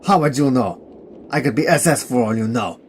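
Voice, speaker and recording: A man voicing a huge, drunk, belligerent German soldier who shouts threats. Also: medium pitch, expressive, brisk, a little hiss or hum, lightly acted. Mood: drunk menacing. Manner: loud, threatening, slurring drunk.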